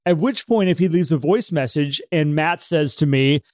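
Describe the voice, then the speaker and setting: A man's voice: fairly high pitch, normal speed, dry recording, clean studio sound. A man co-hosting a podcast in casual chat, often acting out what people say when the phone rings. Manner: animated, acts out imagined phone reactions. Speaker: podcast co-host.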